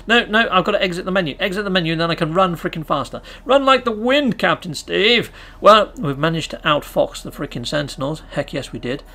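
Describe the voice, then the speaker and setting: A British man hosting a gaming channel, giving excitable, chatty gameplay commentary and cheering himself on. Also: a little high.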